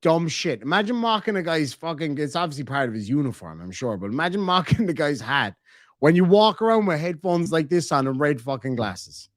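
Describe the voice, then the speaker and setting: A man's voice: a little high, animated, a little fast, no echo, clean studio sound. Sarcastic swearing male commentator. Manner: sarcastic, mocking, swears often. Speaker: commentary host reacting to videos. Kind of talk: profane reaction commentary.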